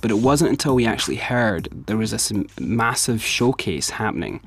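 A man's voice: on the low side, moderate pace. Scottish man telling a story over music. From Scotland. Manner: animated, breaks into put-on voices and laughs. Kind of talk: casual storytelling. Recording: music playing behind the voice.

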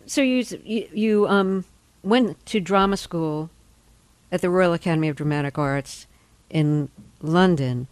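A woman interviewing an actor, asking measured, precise questions. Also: fairly low pitch, a little mellow, no echo.

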